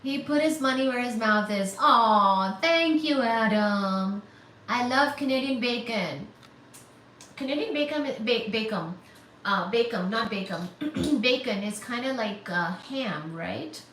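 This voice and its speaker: Excitable woman livestreamer, roomy distant mic. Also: on the high side, a little slow. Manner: bubbly, excitable, squealing thanks. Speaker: livestream host. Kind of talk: casual livestream chat reading super chats. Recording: roomy, distant, faint static hiss.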